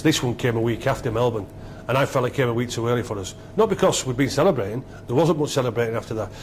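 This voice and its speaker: A middle-aged man, a former rugby captain being interviewed, telling stories excitedly and repeating himself. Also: mid-range voice, slight background noise. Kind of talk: animated storytelling interview.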